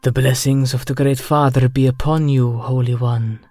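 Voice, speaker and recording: A man's voice: medium pitch, unhurried, dry recording, soft background music, close to an everyday voice. A man voicing a stout older temple matron who speaks formally in a sing-song way.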